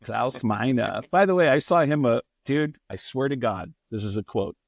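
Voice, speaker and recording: A man's voice: mid-range voice, no echo. A man, a comedian guest on a podcast, telling a rambling, profane story and acting out the people in it. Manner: profane, animated, quick to act out people. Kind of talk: casual storytelling.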